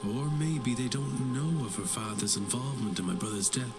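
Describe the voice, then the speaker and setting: An actor playing a brooding male private investigator, speaking a measured inner monologue in a video game. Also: medium pitch, natural voice. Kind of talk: game voice acting. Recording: game audio with loud music.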